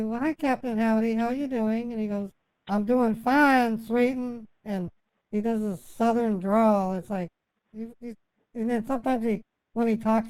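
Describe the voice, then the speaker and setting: Stammering woman with a mellow voice. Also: mid-range voice, dry recording, poor audio. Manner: halting, stammering, full of fillers and restarts. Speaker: scambaiter posing as a victim. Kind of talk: rambling phone call.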